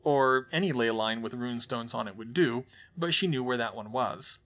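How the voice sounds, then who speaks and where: A man reading a fan fiction audiobook in a steady, plain storytelling manner. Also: medium pitch, moderate pace, highs cut off. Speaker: audiobook reader.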